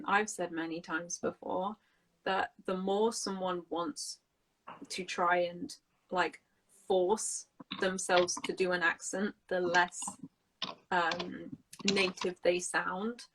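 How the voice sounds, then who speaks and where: A woman's voice: lowish voice, expressive, slow pace, fairly bright tone, slight background noise, low-quality recording. A woman teacher in a casual live chat, speaking frankly and bluntly and laughing easily. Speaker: English teacher.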